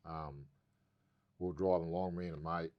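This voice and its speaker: A man's voice: low-pitched, level tone, brisk, highs cut off. An Australian man, a podcast guest, telling a story in casual, rambling talk and swearing constantly.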